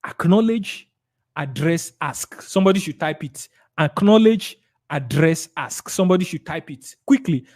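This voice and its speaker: A man with a Nigerian accent coaches a room on closing sales. He is emphatic, drills key words again and again, and acts out little dialogues with clients. His voice sits a bit higher than most men's. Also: lively intonation, moderate pace, a little mellow. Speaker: sales trainer. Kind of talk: live sales training talk.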